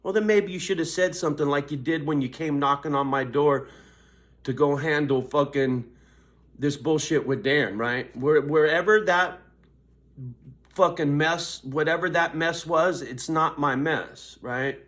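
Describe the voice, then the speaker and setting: A man's voice: on the high side, unhurried, fairly bright tone. Profane older man ranting angrily. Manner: profane, riled-up, confrontational. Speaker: vlogger. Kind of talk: angry ranting vlog.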